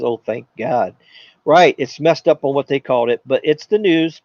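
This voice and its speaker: A man hosting a live tech Q&A stream, talking in an animated, jokey way and slipping into silly voices. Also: medium pitch, no echo, highs cut off. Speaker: tech channel host.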